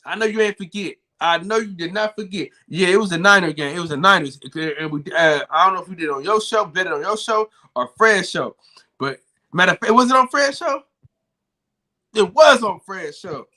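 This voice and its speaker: A man's voice: sits high, lively intonation, brisk, bright, forceful tone. A man co-hosting a live boxing talk stream, joking and repeating himself in casual banter. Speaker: podcast co-host.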